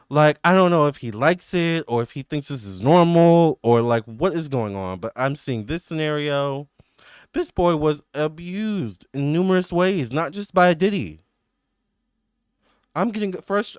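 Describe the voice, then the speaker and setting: A man's voice: a little high, expressive, a little slow, clean tone, dry recording, studio quality. A man giving a casual psychic tarot reading to his viewers, rambling with many fillers and restarts, emphatic and indignant. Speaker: tarot reader.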